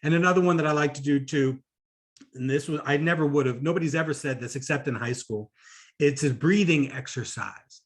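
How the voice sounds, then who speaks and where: A man giving a conversational conference talk on public speaking, animated, with frequent fillers and asides. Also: a little high, a little fast.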